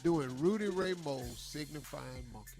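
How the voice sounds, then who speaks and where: A radio host spins a comic childhood story with a gravelly, rough edge. He stumbles over repeated words as he builds. Light music runs faintly underneath. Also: fairly high pitch, moderate pace. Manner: animated storyteller, stammers and repeats. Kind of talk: comedic storytelling on morning radio.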